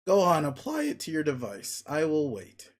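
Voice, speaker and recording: A man reading aloud as a bossy, vicious young alien male, blunt and sneering, in a slightly high voice that stays close to a plain reading voice. He lays out demands in a pushy way. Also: lively intonation, normal speed, natural voice. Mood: domineering.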